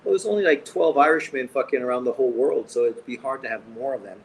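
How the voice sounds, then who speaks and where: A man's voice: mid-range voice, quick pace, slight background noise, poor audio. A middle-aged Canadian man hosting a boxing livestream, bantering bluntly with viewers and swearing constantly. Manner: profane, blunt, joking banter. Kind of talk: casual livestream chat reading comments. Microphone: streaming mic.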